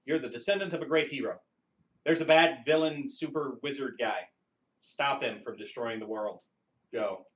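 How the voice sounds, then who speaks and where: A man talking casually as a podcast co-host, relaxed and chatty. His humor runs dry and sarcastic, and his voice sits at an ordinary middle pitch. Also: muffled recording. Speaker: podcast co-host reviewing a video game. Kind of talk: casual review chat.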